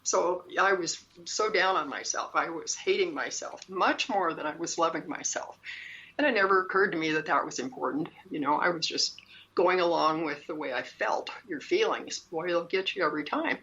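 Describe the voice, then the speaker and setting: A woman's voice: on the low side, normal speed, sharp tone, slight background noise. A woman, a shaman and spiritual teacher, telling a personal story in an interview, earnest and emphatic, often repeating her phrases. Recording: dull lo-fi sound.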